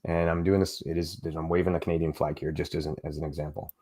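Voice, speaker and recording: A man's voice: a bass voice, little pitch movement, fast, dark tone. A man co-hosting a fitness podcast in casual, opinionated chat. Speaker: podcast co-host.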